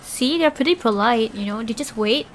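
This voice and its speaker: A woman's voice: a little high, moderate pace. A woman streamer talking casually with her chat, rambling with lots of filler words and laughs.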